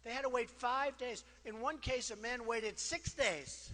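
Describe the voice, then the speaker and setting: A man's voice: extremely high pitch, a little slow, pushed and bright. A man giving a campaign rally speech in a boastful, repetitive, conversational way, with many asides. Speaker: political candidate. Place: large rally hall. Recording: long hall reverb from PA.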